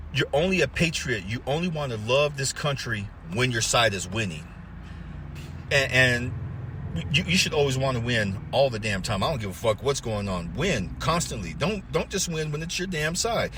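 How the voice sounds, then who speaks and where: A man hosting a podcast, talking in loose, profane, animated banter and laughing often. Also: medium pitch, normal speed, a little hiss or hum. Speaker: podcast host.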